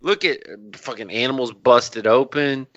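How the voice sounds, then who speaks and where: A man co-hosting a casual podcast, talking loosely and excitedly, swearing freely. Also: medium pitch, moderate pace, dull audio. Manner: loose, profane, excited banter. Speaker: podcast co-host.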